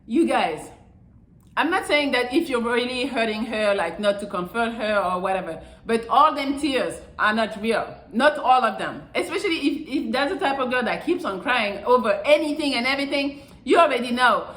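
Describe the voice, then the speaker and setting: In an echoey room, a woman who hosts her own channel gives blunt, profane relationship advice in a casual monologue, throwing in mocking impressions. Her voice sits a little high, with lively intonation, a fairly bright tone, and a moderate pace.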